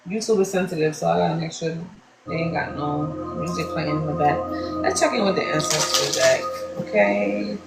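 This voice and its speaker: Slangy New York woman with a gravelly voice. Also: low voice, moderate pace, roomy sound, over loud music, poor audio. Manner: loose and slangy, swears freely, calls viewers "baby". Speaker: spiritual card reader. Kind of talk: casual spiritual reading to camera.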